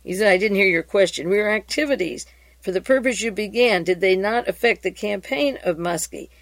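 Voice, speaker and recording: A woman's voice: medium pitch, a little fast, no echo. Woman reading hearing transcripts aloud. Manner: reads quoted exchanges in a steady, even voice, then comments with fillers and restarts.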